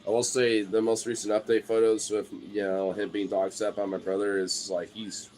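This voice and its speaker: A young man and streamer chatting casually, rambling with lots of filler words and swearing, now and then breaking into a high excited baby-talk voice. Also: normal speed. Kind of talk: casual chat.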